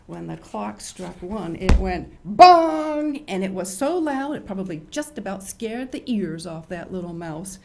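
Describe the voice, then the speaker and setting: An older woman hosting a children's show, reading stories in an animated, sing-song way. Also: lowish voice, normal speed, creaky, few pauses, slight background noise. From United States. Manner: animated, sing-song storyteller, acts out loud and whispered voices. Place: studio.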